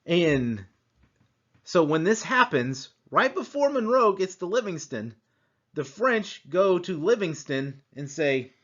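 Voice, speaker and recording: Brief: lively male history teacher, somewhat high voice, slightly muffled recording. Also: takes it slowly. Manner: animated, acts out quotes, rhetorical asides. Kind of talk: conversational history lecture.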